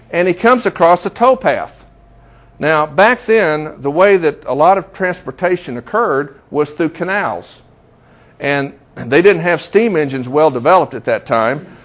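A man telling a story to a group in a conversational way, with many fillers and restarts. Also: a little high. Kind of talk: interactive storytelling talk.

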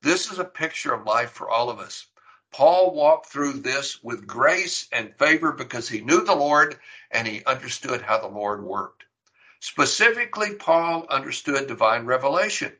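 A man's voice: medium pitch, expressive, normal speed, bright, forceful tone, low-quality recording. A middle-aged man preaching a sermon, teaching earnestly and emphatically, with rhetorical questions. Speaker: pastor.

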